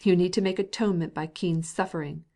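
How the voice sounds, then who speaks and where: A woman's voice: steady tone, fast talker, mellow, lightly acted. A woman voicing a desperate, pleading wife. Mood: bitter. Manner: pleading, low and tearful. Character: desperate, ashamed young wife.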